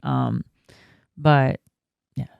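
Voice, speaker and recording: Chatty young mom, gravelly edge. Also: female voice, a bass voice, sing-song, very slow, no room sound, phone-quality sound. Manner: storytelling, laughs often, many fillers. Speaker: podcast co-host. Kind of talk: casual chat.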